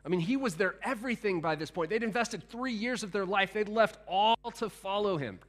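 A man preaching a sermon in a conversational, animated way, with frequent restarts and asides to the congregation. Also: high-pitched, brisk. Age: adult, past teenage years. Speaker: pastor.

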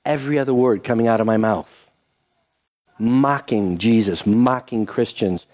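The voice is medium-pitched and a little slow: an older man preaching as pastor. He animates a story by acting out its quotes, then leads the listeners in a soft prayer.

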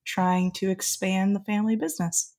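A woman introduces her tabletop character in a relaxed, easygoing way, with a light giggle now and then. Her voice sits in a middle range. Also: medium pitch, moderate pace. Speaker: tabletop game player. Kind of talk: casual chat describing a character.

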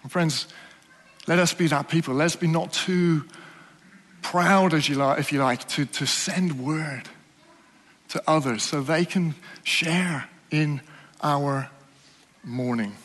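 Male preacher, high voice, earnest, asks the room questions, long hall reverb. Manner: earnest, questioning, drops to soft slow emphasis. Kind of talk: sermon.

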